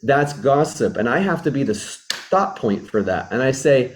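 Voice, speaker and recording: With a sing-song, medium-pitched voice and a slightly slow pace, a man speaks over slight background noise. He acts as a relationship mentor, teaching earnestly and reflectively, repeating and rephrasing himself and acting out sample dialogues.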